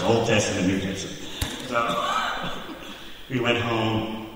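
Give me a man from New York City telling a story on stage, animated, bright voice, mic far off in a big echoey hall. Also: lowish voice, a little slow, pauses often, a little hiss or hum. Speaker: speaker telling a childhood story. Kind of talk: storytelling to a live audience. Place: large hall.

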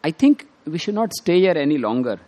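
A teacher who quietly accepts his fate and speaks in a measured tone, a man voicing him in a retold story. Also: on the high side, very animated, voice pushed up. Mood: resigned.

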